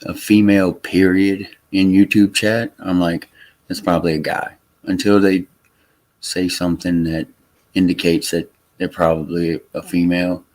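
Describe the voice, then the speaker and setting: A man from Louisiana hosting a casual livestream chat, talking in a halting way with many fillers and restarts. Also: low-pitched, flat delivery, a little mellow. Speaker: livestream host. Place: Texas home.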